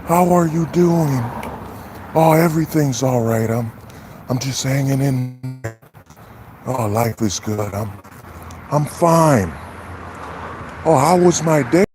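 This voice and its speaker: A man doing a meek, airy, soft-spoken guy. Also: medium pitch, slow pace, pauses often, noisy background, voice pushed up, close to an everyday voice. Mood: mock polite. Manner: gentle, airy and overly polite. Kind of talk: mocking impression during a livestream.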